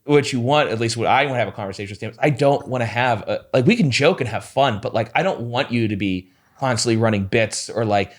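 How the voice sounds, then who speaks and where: Male comedian guest, mid-pitched, animated anecdote teller in relaxed chat. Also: fast. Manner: animated storytelling, slips into quoted voices. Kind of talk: casual chat.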